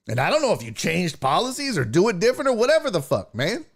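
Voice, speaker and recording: A man's voice: high-pitched, fast, gravelly, hardly any pauses. Heated, profane male storyteller. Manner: heated, profane, animated retelling. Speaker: sports talk show host. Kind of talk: casual storytelling.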